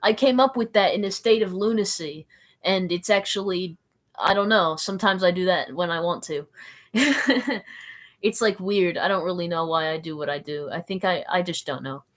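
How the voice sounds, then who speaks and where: A woman's voice: fairly low pitch, moderate pace. A woman from the American South rambling through a live stream, giggling, mocking herself and answering viewer comments. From Southern United States.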